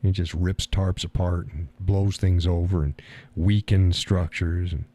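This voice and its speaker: Guy rambling on a live stream, low mellow voice, cusses and chuckles a lot. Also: lively intonation, takes it slowly, slightly rough. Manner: folksy, swears casually, laughs often. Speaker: live stream host reading chat. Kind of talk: casual chat.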